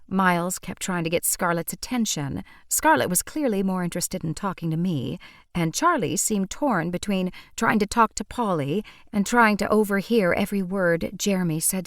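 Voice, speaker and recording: A woman narrating an audiobook in a measured, wry way. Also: medium pitch, expressive, no room sound, studio quality. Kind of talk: scripted narration.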